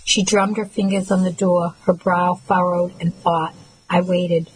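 Female narrator, low voice, soft measured emotional delivery for a first-person novel. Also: flat delivery, a little hiss or hum, rough recording. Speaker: audiobook narrator.

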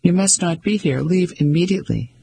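A man's voice: high-pitched, animated, fairly quick, gravelly, warm tone, slight background noise. A man reading the lines of a stern young monk who orders an intruder away. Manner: curt, commanding.

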